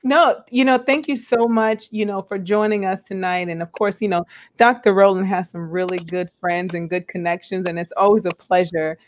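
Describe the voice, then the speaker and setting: A woman hosting a live online interview, earnest and halting with many ums, laughing often, over a video call. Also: medium pitch, steady tone. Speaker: host.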